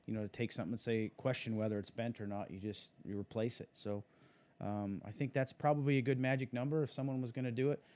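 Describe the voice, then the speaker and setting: Mellow-voiced racing driver, rambling. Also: male voice, fairly low pitch. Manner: rambling, many fillers and restarts. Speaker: guest, sprint car driver. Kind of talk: casual interview talk.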